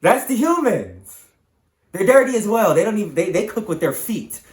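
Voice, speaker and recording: A high-voiced man whose pitch leaps up and down as he speaks. He talks straight to the camera in an insistent, preaching monologue, repeating his points again and again. His voice rings around a roomy, echoing space. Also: expressive, fast, darkish tone. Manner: emphatic, repetitive, preaching. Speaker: channel host.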